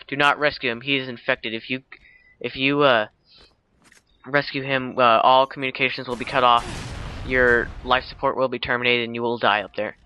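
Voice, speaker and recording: A man voicing a stern male military official who gives flat, clipped warnings. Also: medium pitch, moderate pace, clean tone, natural voice. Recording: dull lo-fi recording.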